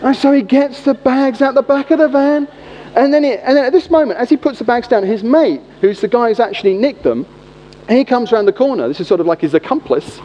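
A middle-aged man with a British accent telling a story in a sermon, animated and chatty. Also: very high-pitched, fairly quick, slight background noise. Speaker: preacher. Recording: long reverb, dull lo-fi sound.

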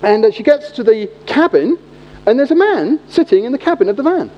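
A high-pitched British man in middle age preaches with a chatty, storytelling flow. His pitch leaps all over the place. The sound carries a long reverb and is dull and lo-fi. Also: fairly quick. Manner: animated, chatty anecdote telling. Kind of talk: sermon storytelling.

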